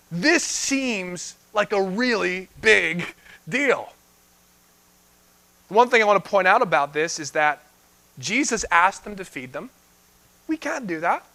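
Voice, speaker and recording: A young man preaching a sermon as pastor, animated and often laughing as he acts out the disciples' voices. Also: high-pitched.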